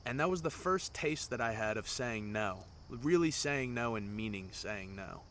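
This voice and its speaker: A man's voice: mid-range voice, animated, moderate pace, fairly bright tone, slight background noise. A man in his twenties telling his own story on a solo podcast in a loose, rambling way, swearing often. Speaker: podcast host. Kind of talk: casual storytelling monologue.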